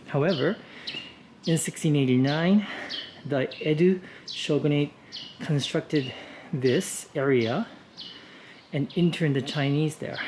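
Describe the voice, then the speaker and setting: Male travel host, relaxed tour-guide delivery, outdoor street walk, faint background noise. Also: mid-range voice. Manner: relaxed, informative, with frequent "uh" and "you know" fillers. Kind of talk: casual walking tour narration.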